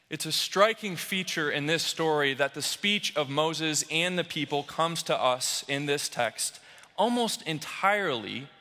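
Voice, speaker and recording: A young male preacher with a bright, fairly high voice delivers a sermon at a slow, deliberate pace. His words ring out through a church sanctuary with a long reverb. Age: young adult. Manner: slow, dramatic preaching with voiced cries of the crowd. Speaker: pastoral resident.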